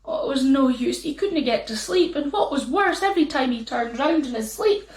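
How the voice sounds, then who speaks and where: A woman with a Scottish accent telling a folk tale in a playful, lively way. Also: high voice, moderate pace, roomy sound. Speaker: storyteller. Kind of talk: storytelling.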